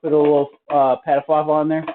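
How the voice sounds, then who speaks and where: A man teaches drums in a casual, unhurried way, stopping and restarting as he explains. His voice sits a touch higher than most men's. The sound is narrow and phone-like, with faint practice-pad playing behind him. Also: soft background music. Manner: relaxed, explanatory, with many fillers and restarts. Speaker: drum teacher. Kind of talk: casual spoken drum lesson. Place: hotel room. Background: drum practice pad.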